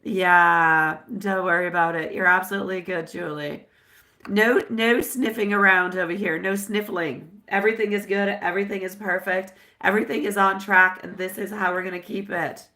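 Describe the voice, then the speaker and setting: A woman's voice: mid-range voice, fairly even intonation, normal speed, bright, forceful tone. A woman doing a live-stream tarot reading, chatty and affectionate, dropping Italian phrases as she answers viewers. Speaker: tarot reader.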